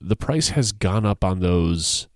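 Male podcast co-host, unhurried, animated pitch, dry jokey delivery, close dry mic. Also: dry recording. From United States. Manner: dry joking, reads ad copy with mock grandeur. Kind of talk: casual chat.

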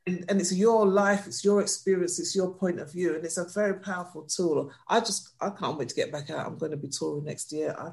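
A woman's voice: fairly low pitch, a little fast, creaky, hardly any pauses, darkish tone. A woman who does stand-up, chatting on a podcast about performing in clubs. She speaks with emphasis and repeats her main points to land them. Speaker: guest comedian. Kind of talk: casual podcast chat.

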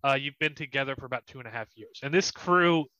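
A man running a tabletop game as dungeon master, describing scenes with pauses and fillers. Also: mid-range voice, pushed and bright, clean tone, dry recording. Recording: slightly muffled dry recording.

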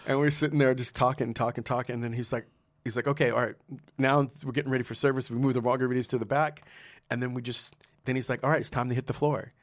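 In a casual storytelling interview, a sommelier and restaurateur recounts his past, talking fast, laughing often and acting out the voices of people he met. His voice is middle-pitched, animated and recorded close and dry, with no echo.

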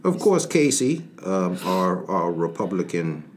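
A man playing a portly, pompous gentleman colonel, drawling and boastful on a comedy podcast. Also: sits low, sing-song, measured pace. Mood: blustering. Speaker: podcast co-host. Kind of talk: comedic podcast character banter. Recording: light background noise.

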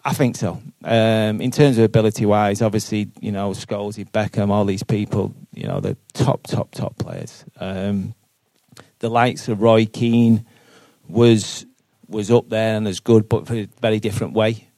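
A man's voice: fairly low pitch, fairly even intonation, unhurried, warm tone, no echo. A man, a football manager answering questions earnestly at a live podcast, often repeating words as he thinks aloud. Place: boardroom with live audience.

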